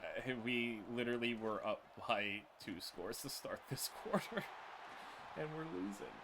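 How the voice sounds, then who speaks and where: An excitable gaming host calls football plays live as they unfold, swinging from flat muttering to high, disbelieving laughter. The pitch moves a lot, and there is a faint hum of noise under the voice. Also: unhurried. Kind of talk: live play-by-play commentary on a football video game.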